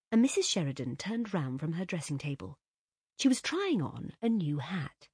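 Expressive husky woman reading a story. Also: lowish voice, normal speed, no echo, clean studio sound. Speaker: audiobook narrator.

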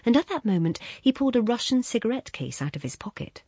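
A woman reading a literary short story as an audiobook narrator, measured and expressive, softening into hushed passages. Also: a little high, slightly rough, no room sound, studio quality.

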